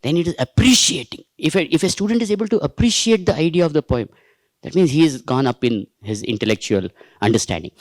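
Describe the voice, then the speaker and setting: Animated Indian-accented male trainer. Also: fairly high pitch, fast talker, dry recording, rough recording. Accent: Indian English. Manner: animated, coaxing, talks to participants. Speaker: teacher trainer. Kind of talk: workshop lecture. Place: training workshop room.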